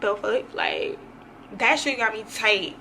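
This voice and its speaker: A woman's voice: medium pitch, takes it slowly, creaky, a little hiss or hum. A young woman vlogger telling a dramatic, slangy story in a casual storytime. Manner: animated, slangy, dramatic retelling.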